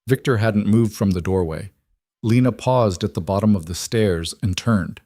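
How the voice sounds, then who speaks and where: Low-voiced male story narrator. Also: no room sound, studio quality. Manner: measured, even storytelling.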